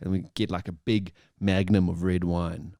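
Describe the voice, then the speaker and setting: A man's voice: low-pitched, flat delivery, normal speed, dark tone. A man co-hosting a podcast, joking, teasing and laughing often in casual banter. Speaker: podcast co-host.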